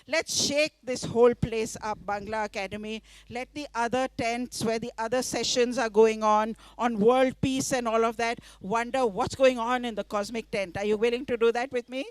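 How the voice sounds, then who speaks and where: A woman from India, reading her story aloud in a festival tent, lively and coaxing the audience to join in. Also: fairly high pitch, moderate pace, few pauses, clear, resonant tone, no echo. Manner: lively, coaxes the audience to join in, laughs often.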